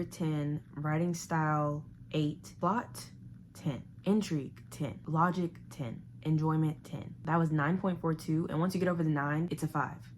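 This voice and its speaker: A young woman talks through a thriller she just read in a chatty, animated home vlog. Now and then she drops into a hushed whisper. A faint hiss sits under her voice. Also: low-pitched. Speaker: book vlogger. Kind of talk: casual chat reviewing a thriller. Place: home living room.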